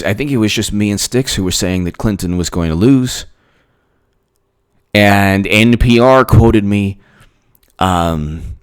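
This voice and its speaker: A man's voice: lowish voice, clear, resonant tone. A man hosting his own political commentary channel, ranting sarcastically, repeating himself and mocking others in put-on voices. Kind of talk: rambling solo political rant.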